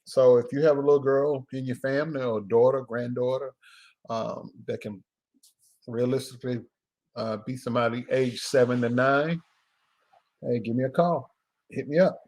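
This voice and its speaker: A man hosting a casual live stream as a filmmaker, talking in a loose, joking way with laughs and drawn-out pauses. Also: medium pitch, steady tone, darkish tone.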